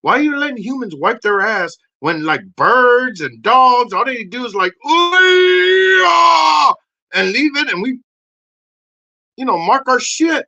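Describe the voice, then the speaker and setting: Man putting on a loud crude male dog, high bright voice, swooping pitch, shouty rants. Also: very animated, takes it slowly, muffled recording, heavily acted. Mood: wondering. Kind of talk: comedy podcast bit.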